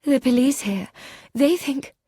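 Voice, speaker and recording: A soft-voiced, passionate young stepmother, acted by a woman narrator. Her voice is soft and lifted, and it breaks into passionate cries. The recording is dry and close. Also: lowish voice, moderate pace, no echo, lightly acted. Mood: anguished.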